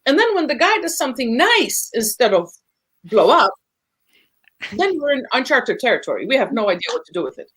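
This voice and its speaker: A woman's voice: fairly high pitch, big pitch swings, fairly quick, a bit bright, breathy edge. A woman guest on a podcast, explaining relationship patterns in an emphatic, teacherly way, often building lists for emphasis.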